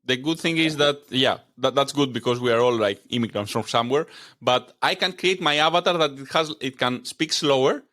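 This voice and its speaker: A middle-aged man from Greece, talking fast and eagerly as a guest on a video-call interview. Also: mid-range voice, pushed and bright. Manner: fast-talking, enthusiastic, laughs often. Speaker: guest, insurance and AI trainer. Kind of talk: casual interview chat.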